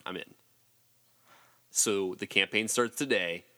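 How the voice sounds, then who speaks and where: A man's voice: lowish voice, pushed and bright. A man co-hosting a podcast, recapping a movie in casual chat with joking asides. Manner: joking, quick asides with acted quotes. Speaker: podcast co-host.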